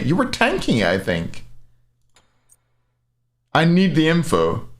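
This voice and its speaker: A man's voice: on the high side, wildly swooping pitch, slow, pauses often. A young man casting a live esports match, rambling and joking between plays and swearing casually. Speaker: esports caster. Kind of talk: live game commentary with banter. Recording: faint background noise and clicks.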